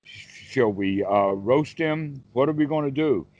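A man's voice: medium pitch, expressive, slow pace, a little mellow. A man doing a scheming storybook fox and bear. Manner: musing, conspiring. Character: scheming fox and bear deciding a rabbit's fate. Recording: dull video call audio.

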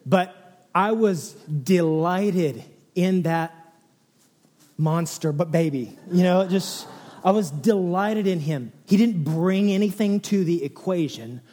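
Animated male preacher in a reverberant hall. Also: takes it slowly. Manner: animated storyteller, swings from low and hushed to excited near-shouts. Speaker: pastor. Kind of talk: sermon.

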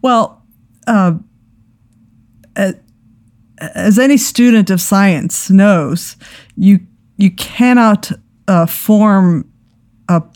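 Deadpan lady guest going along w a silly story, talks real slow. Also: mid-range voice. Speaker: podcast guest. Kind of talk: casual comic chat.

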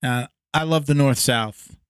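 A man hosting a podcast, asking quick questions that restart as he goes. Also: medium pitch, clear, resonant tone, no room sound. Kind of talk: casual interview chat.

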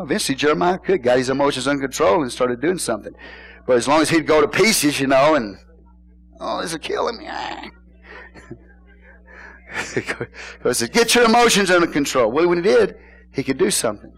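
A middle-aged man preaching a sermon as pastor, in a casual folksy way, asking his congregation questions and now and then shouting a point. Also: mid-range voice, low-quality recording. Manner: casual folksy phrasing, bursts into shouted emphasis.

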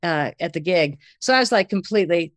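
A woman telling a personal anecdote in conversation, lively and breathless, acting out the lines of the people in it. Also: on the low side, brisk, no echo. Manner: lively, breathless retelling with acted-out quotes.

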